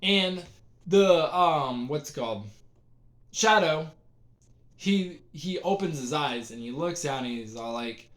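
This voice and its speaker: Rambling young man, slightly high voice. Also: lively intonation, slow pace, fairly bright tone. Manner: rambling, full of "like" fillers and restarts. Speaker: storyteller. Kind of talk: casual storytime.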